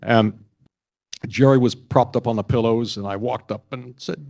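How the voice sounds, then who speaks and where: An older man and broadcast journalist telling stories at a press club event, halting often and restarting his sentences. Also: medium pitch, fairly even intonation, creaky, a little mellow. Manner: halting, with many restarts and fillers.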